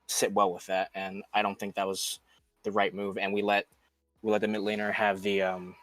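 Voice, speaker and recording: A low-voiced man talks through a lost match in a frank, rambling way, full of fillers. His headset voice is dry and close, with faint music underneath. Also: completely flat delivery, moderate pace, fairly bright tone, no echo. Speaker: esports team player. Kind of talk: post-game interview, casual.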